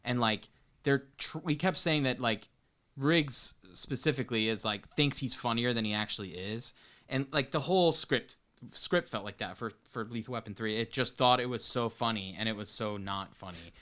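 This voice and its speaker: A man's voice: medium pitch, normal speed, a bit bright. A man co-hosting a movie podcast, chatting enthusiastically and hedging with lots of "like". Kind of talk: casual chat.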